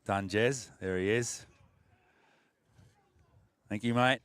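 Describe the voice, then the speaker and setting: A middle-aged Australian man hosts a casual live stream outdoors, chatting and reading out viewer comments as he goes. His voice sits fairly low, and his talk is loose and rambling, with plenty of restarts. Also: slow pace, a bit bright, clean tone, no echo. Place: outdoors at a training ground.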